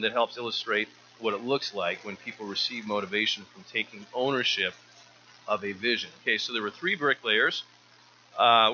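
Male church speaker, earnest and stumbly, very bright sharp tone, slightly dull recording. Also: mid-range voice, a little hiss or hum. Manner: earnest, often repeats words while restarting. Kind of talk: informal sermon.

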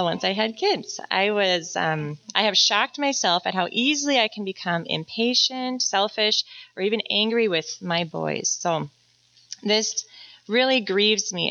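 A woman gives an earnest, gentle testimony to a church group, pausing often on small fillers. Her voice is bright and clear. The recording sounds dull and lo-fi. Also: medium pitch. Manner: earnest, gentle, with many fillers and soft laughs. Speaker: mother sharing a testimony. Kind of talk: prepared talk to a church group.

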